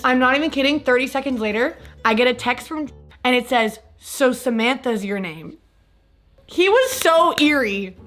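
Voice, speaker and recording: Chatty young woman, higher voice. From California. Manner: chatty, animated storytelling with frequent fillers. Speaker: vlogger. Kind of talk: casual storytime.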